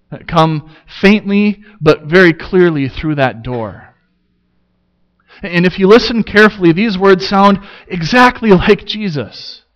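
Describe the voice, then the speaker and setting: A man preaching a sermon in a slow, measured way with touches of dry humor. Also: fairly high pitch. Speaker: pastor. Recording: slightly dull lo-fi sound.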